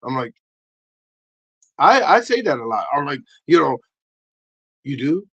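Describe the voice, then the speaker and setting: A man hosting a livestream, rambling through a crude comic rant, acting out little voices and bursting into shouts. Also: a little high, very animated, a little slow, slightly rough, muffled recording. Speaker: livestream host.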